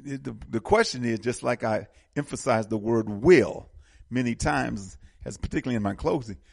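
A man's voice: medium pitch, normal speed, gravelly, a little mellow, no echo, clean studio sound. A man hosting a casual political talk show, speaking with passion and often repeating words as he builds momentum. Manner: impassioned, repeats words when fired up.

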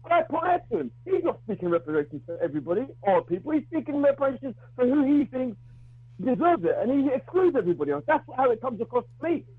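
A man calling in to a talk radio show, speaking in a halting way with frequent restarts and repeated words while bluntly arguing his view. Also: very high voice, big pitch swings, slightly rough, no echo. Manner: outspoken, argues his view. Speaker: radio call-in caller. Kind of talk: phone-in talk radio call. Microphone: telephone. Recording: tinny phone line.

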